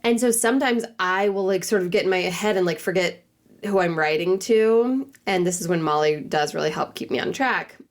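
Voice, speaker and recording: Chatty woman with a low voice. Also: normal speed. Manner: chatty, lots of "like" and quoted asides. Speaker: cookbook author and newsletter writer. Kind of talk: casual podcast interview.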